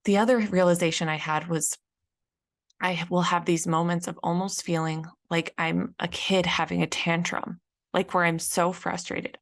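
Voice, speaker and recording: Chatty woman with a gravelly low voice. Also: steady tone, normal speed. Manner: chatty, many fillers, acts out frustrated quotes. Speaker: podcast host and business coach. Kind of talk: casual solo podcast talk.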